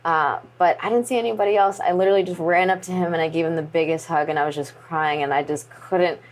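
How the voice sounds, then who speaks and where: A woman's voice: fairly low pitch, fast talker, a little hiss or hum. A woman wrestler as an interview guest, telling a story in casual chat with lots of "like" and "you know". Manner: animated, acts out quoted voices; many fillers like "like" and "you know".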